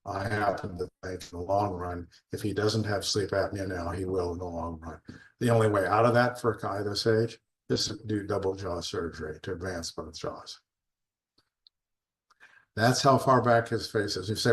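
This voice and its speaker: A man's voice: lowish voice, normal speed. An older man, an orthodontist, giving an emphatic conference lecture on patient cases, full of restarts and rhetorical questions. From United States.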